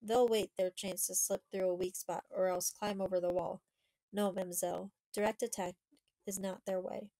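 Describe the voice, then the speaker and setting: A woman's voice: mid-range voice, flat delivery, moderate pace, dark tone, dry recording, lightly acted, low-quality recording. A woman reading the part of a tired, worried old man, panting his lines.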